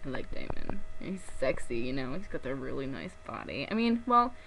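A woman's voice: very deep voice, sing-song, moderate pace, vocal fry, fairly bright tone, a little hiss or hum, low-quality recording. A young woman in casual chat to camera, gushing and rambling with many fillers and giggles. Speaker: vlogger.

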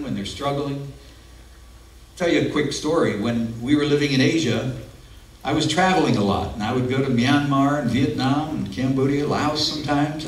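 A man preaching a sermon as pastor, in an earnest, conversational way with personal asides, in a church. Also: medium pitch. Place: church sanctuary. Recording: echoey room, mic at a distance.

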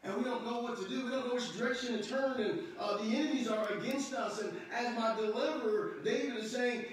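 A man's voice: very high-pitched, a little fast, few pauses. A man preaching a sermon as pastor, reading scripture aloud and building up into passionate, raised bursts. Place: church sanctuary. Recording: echoey church hall from far off.

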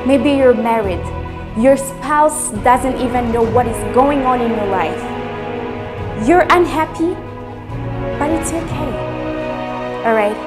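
A woman host gives an earnest, emphatic motivational talk and repeats key words for stress. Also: sits high. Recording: music playing underneath. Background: music.

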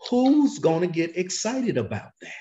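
A man teaching a Bible class, questioning his students and drawling key phrases slowly for emphasis. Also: high-pitched. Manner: animated, questions the class and waits for answers. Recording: dull lo-fi recording.

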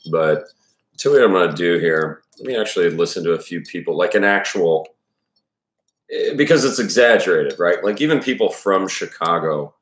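A man's voice: low voice, lively intonation, moderate pace, a bit bright, echoey room. A man giving casual, rambling commentary before reading a novel chapter aloud, full of fillers and restarts. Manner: rambling, many restarts and fillers, self-deprecating.

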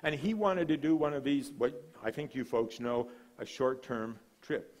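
A man preaching a sermon with a mid-range voice, building to proclaimed lines and then dropping almost to a hush. He tells stories in a relaxed, conversational way between the big statements. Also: medium pitch, normal speed. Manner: dramatic preaching with sudden drops to a hush; storytelling, relaxed asides. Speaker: guest speaker, missionary.

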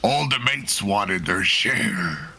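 Brief: measured pirate crewman, played by a man on voice chat, lively slow delivery. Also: lowish voice, creaky, breathy edge, heavily acted. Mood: calm. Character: deep-voiced male pirate crewman, calm.

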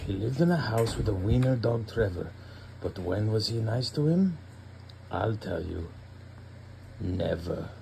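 Carlos, a gravelly grumpy chimp, voiced by a man. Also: lowish voice, lively intonation, slow pace, long pauses, a little mellow, a little hiss or hum, exaggerated voice, low-quality recording. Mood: wry. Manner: grumbling, exasperated, wisecracking. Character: grumpy sarcastic male chimpanzee reading a bedtime story. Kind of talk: comic voice-over for a pet video.

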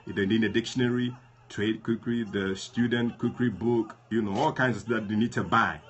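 A man's voice: lowish voice, steady tone, a little fast. A man leading a prayer livestream, chatting casually and addressing viewers by name.

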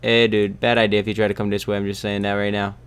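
A man's voice: lowish voice, level tone, fast talker, clear, resonant tone. A young man giving goofy, rambling commentary while playing a game, close to his mic. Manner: goofy, rambling, bursts of shouting and whispers. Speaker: gaming YouTuber. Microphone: close desk mic.

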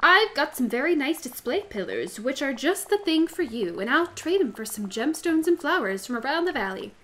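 A woman's voice: high-pitched, big pitch swings, moderate pace, a bit bright. A woman voicing a proud, thrifty old duck tycoon from a video game, reading his lines aloud with a hint of a brogue and "me" for "my".

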